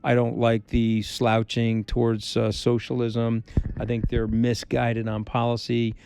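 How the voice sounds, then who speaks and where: A middle-aged man speaking as a guest in a candid conversation, hammering his points home with blunt repetition. His voice sits in a mellow, warm register, and the sound is dry and close. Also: medium pitch, unhurried, clean tone, no echo. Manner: blunt, emphatic, repeats points for force; animated storyteller who acts out quotes. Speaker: interview guest.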